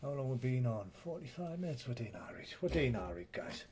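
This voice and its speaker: A man's voice: medium pitch, sing-song, brisk, darkish tone, a little hiss or hum. A man with a Northeast English accent, hosting a casual live stream and bantering with viewers in a rambling, teasing way. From Northeast England.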